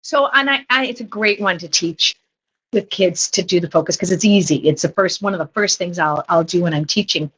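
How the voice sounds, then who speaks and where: A woman improv comedian and theatre teacher chatting casually as a podcast guest, telling animated stories and slipping into quoted voices. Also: lowish voice, a little fast, breathy edge, poor audio.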